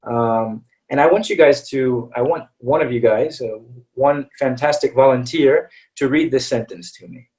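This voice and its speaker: A man's voice: medium pitch, moderate pace, a little mellow, distant mic, low-quality recording. An American man teaching English in a live webinar, talking in a chatty way and often checking in with "all right" and "okay".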